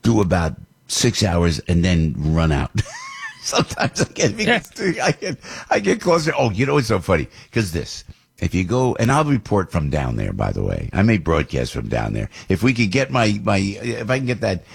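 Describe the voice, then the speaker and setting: An older man talks on his radio show in a husky, lowish voice that rises and falls freely. He rambles, restarts and repeats himself as he gets animated. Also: normal speed. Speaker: radio talk show host. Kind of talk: casual radio talk. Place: radio studio.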